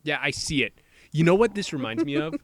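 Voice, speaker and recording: A young man co-hosts a casual podcast chat, joking and laughing as he talks. His voice sits slightly high. The sound is dry and close. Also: huge pitch swings, a little fast, dry recording. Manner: joking, laughs often, does silly voices. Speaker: podcast co-host.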